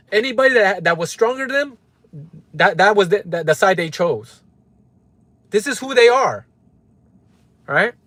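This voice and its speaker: A man from Los Angeles, in the United States, hosts a live stream, ranting heatedly and often profanely at his chat, reading out viewers' names and repeating "right?" for emphasis. His voice is a little high and a bit bright, and the recording is dry.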